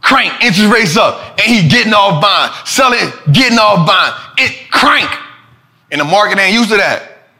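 A man hosting a casual finance talk show, animated and preachy, full of slang and repeating lines for emphasis. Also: high voice, normal speed. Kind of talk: casual market commentary.

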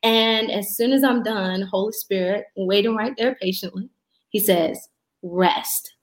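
A woman shares a personal faith testimony as an interview guest. Her telling is animated and she acts out the voices of the people in the story. The room adds a noticeable echo. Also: mid-range voice, normal speed. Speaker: podcast guest.

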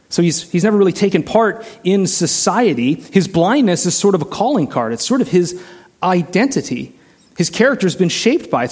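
Male pastor, slightly high pitch, casual preaching, rhetorical questions. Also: a little mellow. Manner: many restarts and "like" fillers. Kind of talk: sermon.

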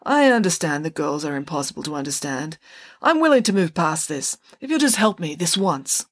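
A woman's voice: deep voice, sing-song, moderate pace. A woman voicing an anxious, self-absorbed teenage schoolboy in a storybook reading, pleading and melodramatic.

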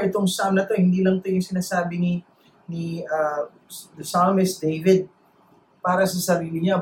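A man with a Filipino accent preaching a sermon, mixing Tagalog and English and speaking with deliberate pauses. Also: sits high. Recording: roomy echo, faint noise.

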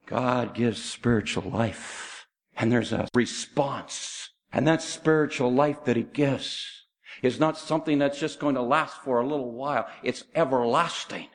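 A middle-aged man preaching an evangelistic sermon, emphatic and pleading, swinging between raised and hushed delivery. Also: medium pitch, brisk.

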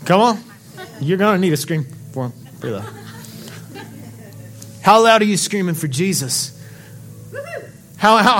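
A male pastor preaching a sermon to his congregation, passionate and full of questions, dropping quiet and then building up to shouts. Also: sits high. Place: church sanctuary.

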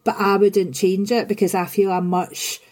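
A woman's voice: medium pitch, little pitch movement, moderate pace, darkish tone. A woman hosting a conversation, reflective, asking probing questions and sharing her own experience. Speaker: host. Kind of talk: conversational interview.

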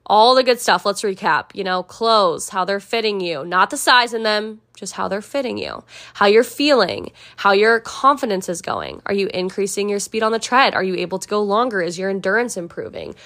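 Young woman trainer doing her podcast, chatty and upbeat, middle-pitched voice, talks right to the listeners. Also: animated, normal speed, fairly bright tone. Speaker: podcast host; personal trainer. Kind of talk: casual solo podcast talk.

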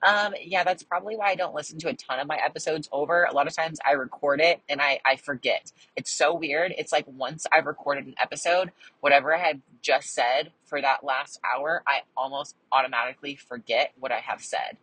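A young woman talks to her listeners in a casual solo podcast. Her voice sits low and carries a husky edge. She chats in a bubbly way, leans on fillers, and still takes care to pronounce each word crisply. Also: brisk, few pauses, a bit bright, rough recording. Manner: bubbly, chatty, lots of fillers. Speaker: podcast host.

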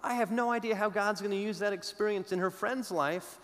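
High-voiced preacher in an echoing hall. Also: male voice. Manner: storytelling, dramatic pauses, shifts between loud and hushed. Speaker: pastor. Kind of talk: sermon. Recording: long hall reverb.

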